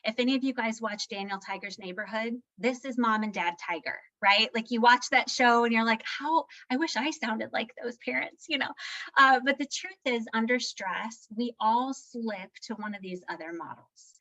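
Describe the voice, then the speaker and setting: A woman's voice: on the high side, moderate pace, pushed and bright. A woman presenting a live parenting workshop in a conversational, candid way, often checking in with her audience. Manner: conversational, tags points with "right?"; candid and self-deprecating. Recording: slightly muffled lo-fi sound.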